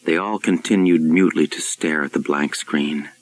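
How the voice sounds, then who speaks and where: A man reading a novel aloud in a steady, measured narration. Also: rumbling low, rough recording. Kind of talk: audiobook-style reading.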